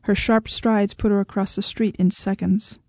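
A woman author reading her own short story aloud in a measured, even way. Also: mid-range voice, dry recording, studio quality. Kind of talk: fiction reading.

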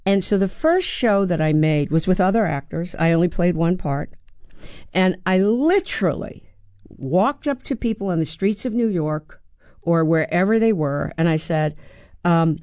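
A woman's voice: fairly low pitch, lively intonation, normal speed, a little mellow, dry recording, studio quality. A woman in her seventies, a guest actor and playwright, telling stories thoughtfully with hesitant restarts and rhythmic demonstrations. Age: 70s. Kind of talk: reflective interview storytelling.

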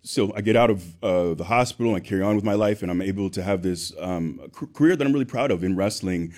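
A man's voice: low voice, fast talker, darkish tone. Earnest man speaking candidly as a guest. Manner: earnest, with frequent restarts. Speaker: guest, former athlete. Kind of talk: candid interview answers.

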